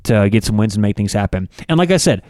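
A man's voice: on the low side, expressive, quick pace, a little mellow, no room sound, studio quality. A man co-hosting a casual sports talk show, loose and rambling with plenty of fillers. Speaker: co-host.

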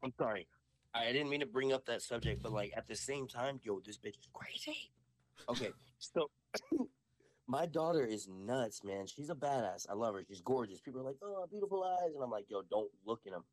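A young man telling a story in a casual podcast chat, animated and full of swearing. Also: mid-range voice, moderate pace. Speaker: podcast host.

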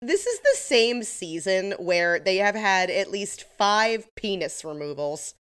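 A woman's voice: medium pitch, very animated, unhurried, fairly bright tone, clean tone. A woman co-hosting a podcast, casually recapping a TV episode with lots of fillers and the odd laugh. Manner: chatty, filler-heavy retelling with laughs. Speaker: podcast co-host.

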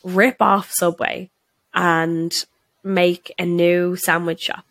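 A young woman with a Dublin accent, a podcast co-host telling a workplace story in casual chat, sweary and quick to laugh. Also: on the low side, level tone, fairly bright tone, no echo.

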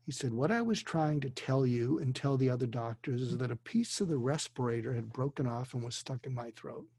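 An older man, a psychiatrist, telling a story earnestly and deliberately, dropping to a hush for emotional moments. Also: medium pitch, husky, no room sound. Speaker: guest, psychiatrist. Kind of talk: storytelling in a conversation. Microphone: video call.

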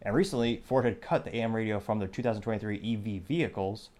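A man's voice: fairly low pitch, quick pace, darkish tone. A man hosting a podcast, delivering opinionated news commentary with sarcastic, wry asides. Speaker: podcast host.

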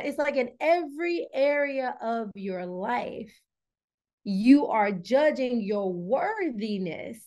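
Animated woman guest, candid and laughing. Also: fairly high pitch. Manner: animated, laughs often, acts out quoted voices. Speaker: podcast guest, wellness coach. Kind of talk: candid conversational storytelling.

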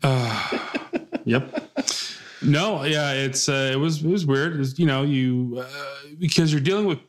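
A young man co-hosting a podcast, chatting casually and telling stories with unhurried pauses. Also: medium pitch. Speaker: podcast co-host. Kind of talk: casual chat.

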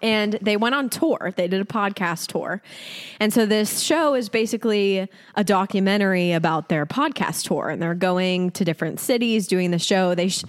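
A woman co-hosting a casual podcast, her voice sitting at an ordinary middle pitch. She talks in a chatty, opinionated way, piling up fillers as she reviews things. It is easygoing, everyday chat. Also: moderate pace, big-room sound. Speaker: podcast co-host.

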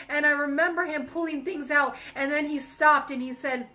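A woman's voice: sits high, steady tone, moderate pace, pushed and bright. A young woman hosting a faith talk, sharing an earnest, emotional personal testimony and calling her viewers "you guys". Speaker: ministry host.

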